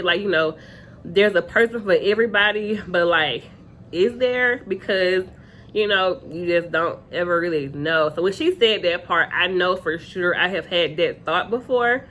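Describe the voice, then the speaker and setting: A woman's voice: fairly low pitch, fairly bright tone, slight background noise. Chatty young woman recapping a show. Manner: chatty, filler-heavy, quotes cast members. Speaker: reality TV reviewer. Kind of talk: casual recap vlog.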